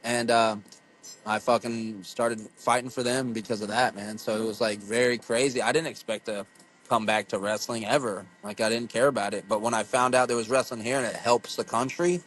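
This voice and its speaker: A man from the United States, a guest on a casual podcast interview, telling wild stories with plenty of swearing. His voice sits at an everyday middle pitch, and he acts out quotes as he goes. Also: a little fast, slight background noise, poor audio. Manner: profane, excitable storytelling with acted-out quotes. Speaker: podcast guest, pro wrestler.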